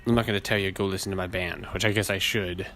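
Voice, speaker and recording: A man with a naturally low voice hosting a casual solo podcast, rambling and laid-back, swearing often. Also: fairly even intonation, fast talker, fairly bright tone. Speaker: podcast host. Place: outdoors in a city, weed whacker nearby.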